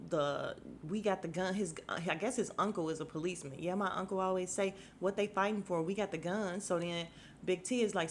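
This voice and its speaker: A woman's voice: fairly low pitch, a little hiss or hum. A woman hosting a casual podcast, recapping a TV episode, acting out the characters' lines and laughing often. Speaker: podcast host.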